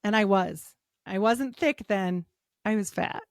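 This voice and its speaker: A woman's voice: mid-range voice, a little slow, no room sound. Chatty forties woman on a podcast, laughs a lot, says like constantly, dry close mic. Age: 40s. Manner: animated, laughs often, many "like" fillers. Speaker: podcast guest. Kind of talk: casual storytelling.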